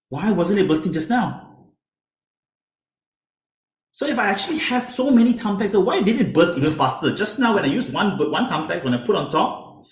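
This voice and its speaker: A man leads a hands-on science lesson for kids, his fairly high voice bouncing up and down as he keeps throwing questions at the children. He sounds roomy, with plenty of echo around him. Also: animated, moderate pace, long pauses.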